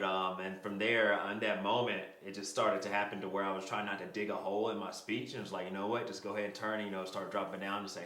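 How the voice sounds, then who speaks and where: A man's voice: sits low, pushed and bright. A young man casually telling the story of his proposal, laid-back and slangy, laughing often. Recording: echoey room.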